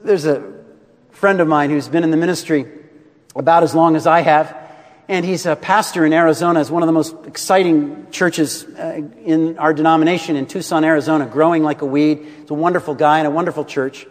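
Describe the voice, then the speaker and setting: A man preaching a sermon as pastor, expressive, swinging between rising emphasis and soft, quiet drops. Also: fairly high pitch, a little fast, in a large hall.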